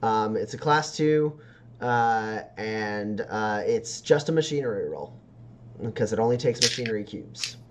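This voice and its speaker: A man's voice: fairly low pitch, expressive, a little slow, background noise. Rambling game master man. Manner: rambling, many fillers, laughs often. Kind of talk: narrating a tabletop game.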